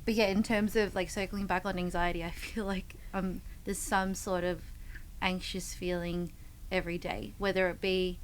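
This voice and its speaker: A woman's voice: fairly low pitch, level tone, normal speed, slight background noise, rough recording. A woman, a fitness coach, telling rambling stories in a casual podcast chat. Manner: rambling storyteller with many fillers and restarts.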